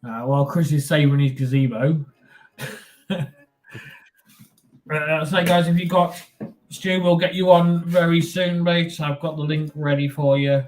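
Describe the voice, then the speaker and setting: A man's voice: fairly high pitch, level tone, measured pace, pauses often, a little mellow. A man hosting a live podcast, chatting casually while bringing guests on, with faint music behind. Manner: chatty, loose, organizing guests. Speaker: podcast host. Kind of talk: casual live-stream chat.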